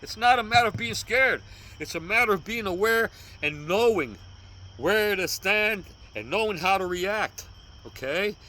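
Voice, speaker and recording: A bright, fairly high-voiced man in his sixties from New York talks earnestly, repeating himself and pleading with his viewers. He records outside on a city street, and faint traffic sounds hum behind him. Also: expressive, a little slow, poor audio. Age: 60s. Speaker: vlogger teaching cane self-defense. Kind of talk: casual outdoor vlog.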